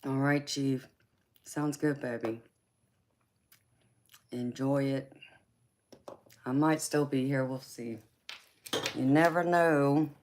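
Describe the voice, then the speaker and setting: Southern lady talking real slow and low on her live stream, sweet with the chat, calls everyone honey. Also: steady tone, slight background noise. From California. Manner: soft-spoken, affectionate, calls viewers honey and baby. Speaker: livestream host and tarot reader. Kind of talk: casual live chat with viewers.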